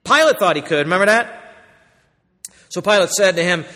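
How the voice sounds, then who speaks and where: A man preaching a sermon emphatically, his delivery swinging between loud and quiet. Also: high-pitched, lively intonation, normal speed, pauses often. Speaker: pastor. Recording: hall reverb.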